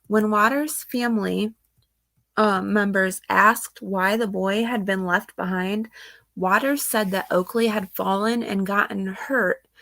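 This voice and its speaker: A woman's voice: mid-range voice, vocal fry, a bit bright, dry recording. A woman reading out news reports on missing children and commenting on them, emotional and sighing, close to tears. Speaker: true crime channel host.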